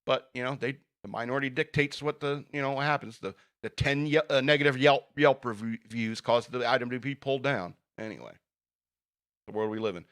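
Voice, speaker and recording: A man's voice: medium pitch, a little fast, a bit bright. Blunt sarcastic man ranting on news. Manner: blunt and sarcastic, with frequent fillers and laughs. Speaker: podcast host. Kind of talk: casual opinion rant reading news.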